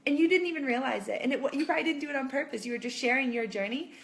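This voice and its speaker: This thirty-something mom vlogger speaks rapid-fire in a high, creaky voice. Chatting casually to camera, she reassures viewers and acts out quotes with animated voices.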